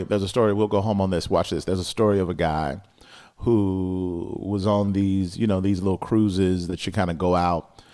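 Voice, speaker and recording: A man's voice: low-pitched, fairly even intonation, moderate pace, dark tone. A man preaching a sermon, repeating phrases and building in intensity. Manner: preaching with rising intensity and repetition. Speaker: pastor.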